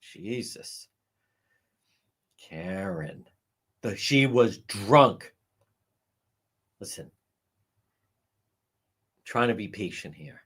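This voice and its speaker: A man with a lowish, slightly bright, somewhat rough voice gives live commentary over a livestream mic, speaking very slowly with long pauses yet sounding animated. His remarks are blunt, profane and sarcastic, and he ridicules others by performing their quotes.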